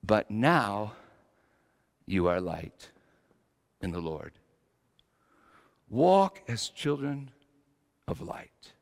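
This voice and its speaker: A pastor preaching a sermon, swinging between loud exclamations and hushed asides. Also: male voice, fairly low pitch, big pitch swings, drawn-out words, creaky, long pauses. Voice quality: slight whistle on a false tooth. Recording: long echoing hall reverb.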